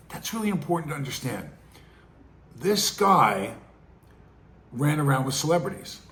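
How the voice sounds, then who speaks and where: A man's voice: mid-range voice, sing-song, a little slow, long pauses, a bit bright. A middle-aged man, hosting his own show with casual, rambling commentary full of restarts and acted-out quotes. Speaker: podcast host.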